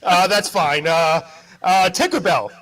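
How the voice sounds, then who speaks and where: A man who reads the news on a radio show, joking around in a self-deprecating, animated way. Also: high voice, unhurried. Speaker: news reporter. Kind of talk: casual radio chat.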